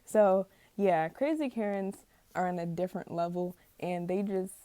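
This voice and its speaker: Young woman venting on camera, rambly and fed up, warm mellow voice, dry close sound. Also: lowish voice, moderate pace, dry recording. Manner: rambling, exasperated, stumbles over words and laughs at herself. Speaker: vlogger. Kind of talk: casual rant to camera.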